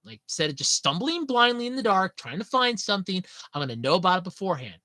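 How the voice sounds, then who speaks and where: A woman's voice: medium pitch, fast, dry recording. A young woman chatting casually with viewers, telling stories and often breaking into laughter. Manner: giggly, animated storytelling with frequent laughs. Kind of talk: casual chat.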